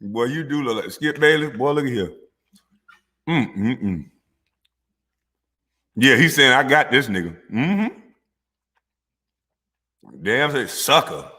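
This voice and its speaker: A man in a lively comedic rant, mocking and profane, his pitch swinging widely. His bright, slightly husky voice carries a long reverb from the room. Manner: animated, mocking and profane, with drawn-out hums.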